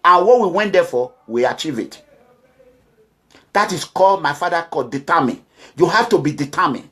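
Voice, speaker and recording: A middle-aged man from Nigeria, speaking forcefully as a community advocate, urging and lecturing his listeners. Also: fairly high pitch, expressive, normal speed. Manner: forceful, exhorting, repetitive, quotes others in voices. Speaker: community advocate addressing followers. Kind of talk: impassioned monologue.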